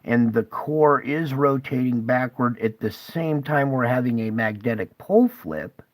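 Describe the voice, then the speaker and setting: A man's voice: medium pitch, measured pace, low-quality recording. A man hosting his own channel, speaking urgently and emotionally straight to his viewers, tearful at times. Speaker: channel host.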